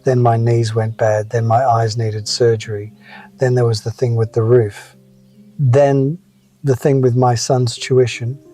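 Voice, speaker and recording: A motivational speaker in his seventies tells wry, reflective personal stories in a scripted talk. His mid-range voice is dark and flat and a little slow, with faint music behind.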